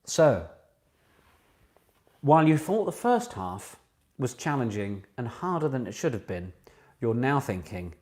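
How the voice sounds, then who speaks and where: A man's voice: on the low side, big pitch swings, a little slow, pauses often. Chatty, self-mocking man hosting a quiz. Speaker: pub quiz host. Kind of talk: casual online quiz hosting.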